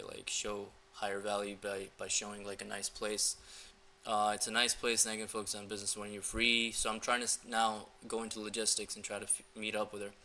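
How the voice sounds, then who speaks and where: In this casual screen-recording walkthrough, a young man from the United States coaches viewers on dating messages, rambling loosely with plenty of fillers. His voice sits on the lower side but sounds bright and forceful, and a faint hiss or hum runs underneath.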